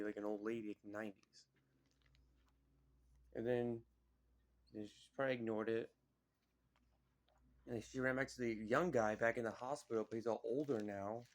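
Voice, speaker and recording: A man casually retelling a film's plot in a rambling way, full of fillers and restarts. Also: mid-range voice. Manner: rambling, filler-heavy, lots of "like" and "you know". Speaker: vlogger. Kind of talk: casual film recap.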